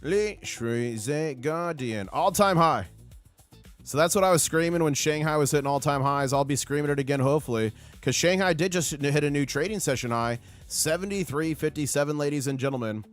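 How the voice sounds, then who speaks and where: A man hosting a live stream, giving excitable market commentary and reading viewer comments aloud. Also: on the high side, fairly quick, faint music behind. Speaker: livestream host.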